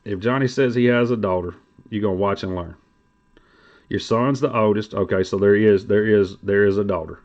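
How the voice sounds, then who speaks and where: A middle-aged man, hosting a casual livestream chat and telling stories in a blunt, profane, animated way. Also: lowish voice, normal speed. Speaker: livestream host. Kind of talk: casual card-collecting talk. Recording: dull lo-fi stream audio.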